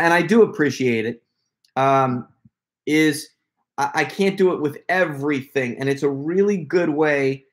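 A man hosting a casual livestream from a room at home, chatting in a rambling way and breaking into laughter as he talks to viewers. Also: a little high. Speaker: prank caller hosting a livestream. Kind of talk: casual live-stream chat.

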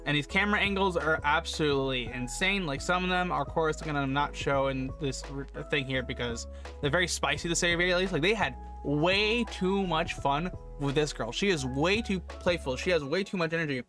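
A young man casually reviewing an anime episode, excitable and slangy, often saying dude and bro. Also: high-pitched. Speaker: anime reaction youtuber.

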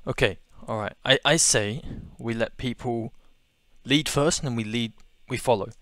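A young man with an Australian accent giving excitable let's-play commentary, gasping and repeating his exclamations. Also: medium pitch, moderate pace, no echo. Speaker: gaming video host.

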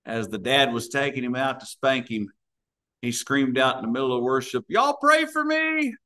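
A man's voice: mid-range voice, steady tone, normal speed, fairly bright tone. Storytelling preacher, man. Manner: storytelling preacher, acts out voices in anecdotes. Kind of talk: sermon.

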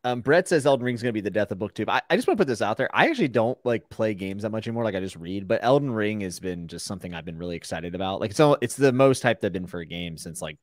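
Lower-voiced man hosting a podcast. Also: lively intonation, racing, hardly any pauses, no echo, clean studio sound. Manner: laughs often, reads viewer comments aloud. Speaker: podcast host. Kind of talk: casual podcast chat.

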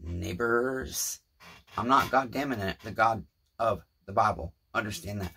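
A man's voice: on the low side, unhurried, creaky, sharp tone, a little hiss or hum. A man in his thirties with a Southern US accent, talking in a small shed as a channel host and telling a story in a profane, preachy, rambling way. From Tennessee, US. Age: 30s.

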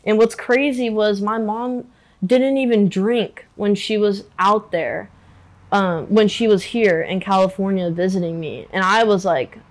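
Brief: young woman interviewee, mid-pitched, emotional, halting, heavy on filler words. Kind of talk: candid personal interview.

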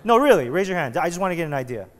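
A man's voice: fairly high pitch, sing-song, very fast. A man preaching a sermon as pastor, in a casual, joking, conversational way that keeps restarting his sentences. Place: church sanctuary. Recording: long reverb of a church hall.

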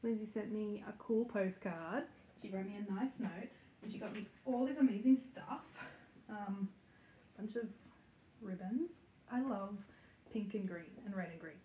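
A woman's voice: medium pitch, measured pace, mellow. Woman, home craft vlogger, giggly rambling chat, echoey room with faint hiss. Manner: chatty and giggly, many ums and likes. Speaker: flosstube host. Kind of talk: casual chat to camera.

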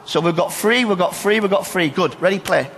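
Man, soccer coach, directive, higher voice, long reverb, faint ambience. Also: a little fast, fairly bright tone, slight background noise. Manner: directive, addresses players and coaches by turns. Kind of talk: live coaching demonstration.

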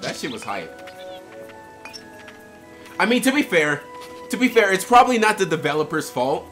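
A man's voice: sits high, very animated, moderate pace, long pauses, soft background music. Sarcastic young man ranting over a game. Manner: profane, sarcastic, bursts into shouting and laughter. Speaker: gaming commentator. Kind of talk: comedic gameplay commentary.

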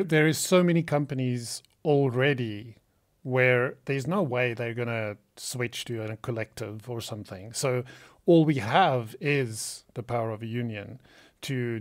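Male podcast host, mid-pitched voice, casual interview, meandering questioner. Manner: rambling questions with many restarts.

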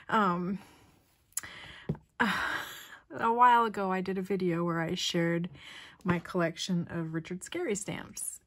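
Gushing woman opening craft mail. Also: fairly low pitch. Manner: gushing, effusive, drops to soft whispers. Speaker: craft channel host. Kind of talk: casual unboxing vlog.

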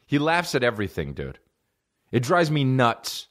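A man hosting a comedy podcast, telling rambling stories in an animated, profane way and acting out other people's voices. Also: low-pitched, moderate pace. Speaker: podcast host.

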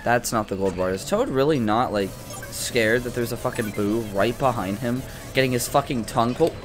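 A young man giving casual, excitable gameplay commentary with frequent swearing, shouting at characters in the game. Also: medium pitch, moderate pace, faint music behind. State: sore tongue from a cold sore. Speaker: gaming video creator.

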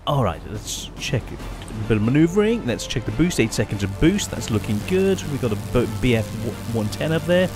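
A man giving casual, chatty gameplay commentary as a channel host, often pausing and restarting his sentences. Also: mid-range voice, big pitch swings, over music. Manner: chatty, halting, many restarts and fillers.

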